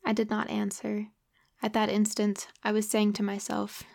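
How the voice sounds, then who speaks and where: A woman narrating a classic children's story in the first person, measured and gentle. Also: medium pitch, monotone, vocal fry. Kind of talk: storybook reading.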